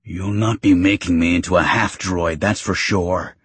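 A man's voice: sits low, fairly even intonation, normal speed, fairly bright tone, breathy edge, dry recording. A man voicing a wounded older farmer who bellows his protests, his voice rising frantically. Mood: protesting.

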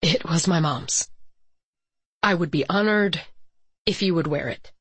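A woman narrator voicing a confident, playful man who proposes, in a steady and teasing way. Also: lowish voice, measured pace, slightly rough, no echo. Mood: tender, teasing.

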